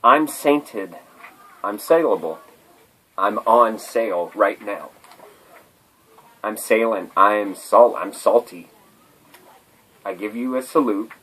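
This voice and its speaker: A man performing an improvised spoken-word poem, stringing playful alliterative words together with halting repeats and a drawn-out, musing delivery. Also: lowish voice, expressive, a bit bright, husky, rough recording.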